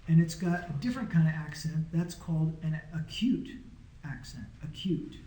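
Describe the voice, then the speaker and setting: A man's voice: fairly high pitch, moderate pace, warm tone. A man teaching a small Greek class in a casual, patient way, often checking that his students follow. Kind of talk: informal classroom lesson. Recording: echoey room.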